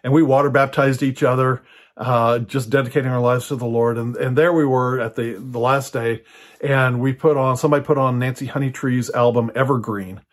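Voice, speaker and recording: A man's voice: medium pitch, fairly even intonation, brisk. Older male preacher, casual storytelling delivery, loose and full of fillers. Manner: conversational, storytelling with many fillers and restarts. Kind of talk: personal teaching talk.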